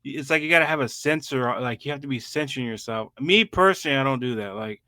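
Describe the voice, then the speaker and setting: A man's voice: medium pitch, fast talker, pushed and bright, no room sound. A man talking as a podcast guest in casual chat, blunt and emphatic about speaking his mind. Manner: blunt, emphatic, uses "bro" and "me personally".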